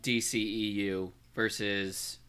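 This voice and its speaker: Bright-voiced joking man. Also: on the low side, flat delivery, slow, clean tone. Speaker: podcast co-host. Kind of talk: casual chat.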